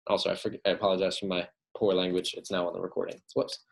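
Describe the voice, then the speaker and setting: A man's voice: low voice, flat delivery, fast, gravelly. A man casually coaching his receptionists on phone calls, often asking "right?" and acting out both sides of a call. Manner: frequent "right?" checks, acts out phone calls. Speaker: manager coaching staff.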